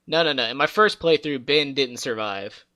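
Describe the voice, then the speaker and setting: A man's voice: mid-range voice, normal speed, pushed and bright. A man hosting a casual gaming podcast, rambling through stories and acting out characters' lines. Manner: rambling storyteller, acts out game characters' lines. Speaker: podcast host.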